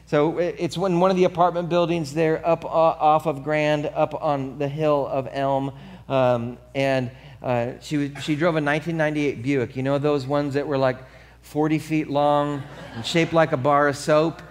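A man preaching a sermon as pastor, telling a story with lively acted-out voices, then turning quiet and earnest. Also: fairly high pitch, moderate pace. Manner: animated storytelling, acts out voices; drops to soft earnest tone for the appeal.

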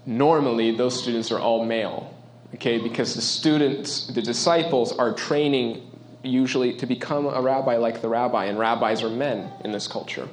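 A male pastor delivers a sermon in a relaxed, conversational manner, stressing key points and often asking his listeners questions. His voice sits in a middle range. The room around him is roomy and echoey, with a faint background hum. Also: mid-range voice, normal speed. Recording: roomy echo.

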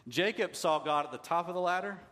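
Pastor preaching in a reverberant hall. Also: male voice, sits high, expressive, fairly quick, a bit bright. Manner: conversational, asks the congregation rhetorical questions. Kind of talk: sermon.

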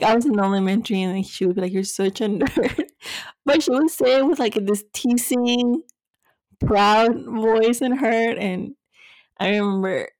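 A woman's voice: mid-range voice, no room sound. A woman in her thirties co-hosting a podcast, telling stories animatedly with frequent laughter in a casual chat. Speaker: podcast co-host.

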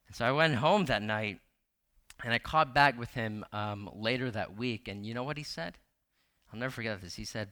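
A man's voice: medium pitch, animated, moderate pace, pushed and bright. A man in his thirties preaching a sermon as a pastor, telling a personal story conversationally with many fillers and repeated words, often asking the congregation questions.

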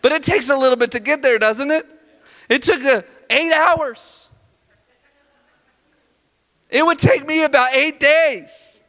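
A high-pitched man preaching with a bright, forceful tone. He is playful and animated, and he acts out prayers and dialogue in a raised voice. His words ring out in a church with long, lingering reverb. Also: unhurried, pauses often. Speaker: pastor. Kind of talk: sermon. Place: church sanctuary.

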